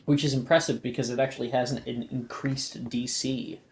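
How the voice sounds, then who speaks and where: A man runs a tabletop role-playing session over a video call. He has a relaxed, meandering way of talking and chuckles now and then. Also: mid-range voice, a little fast, slight background noise. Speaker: game master. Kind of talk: running a tabletop game online.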